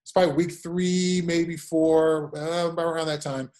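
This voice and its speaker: Speaking at a normal speed with a fairly high-pitched voice, this man in his forties is an ex-footballer being interviewed. He brings his anecdotes to life by acting out what people said.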